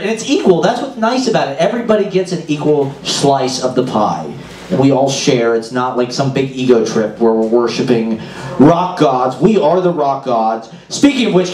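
A man's voice: a little high, darkish tone. A man hosting a live open mic, exuberant and jokey, whooping between acts. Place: small bar back room with audience. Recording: roomy live room, distant mic, faint noise.

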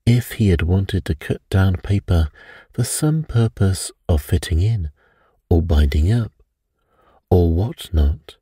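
A man voicing a calm, thoughtful middle-aged priest detective who reasons things out in an unhurried way, read for an audiobook. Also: deep voice, husky, no echo, clean studio sound, exaggerated voice. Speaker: priest sleuth. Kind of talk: audiobook character reading.

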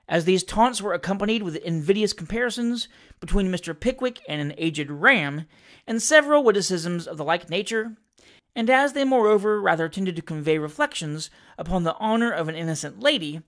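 An audiobook reader telling a classic comic novel aloud with expressive storytelling. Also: mid-range voice, normal speed.

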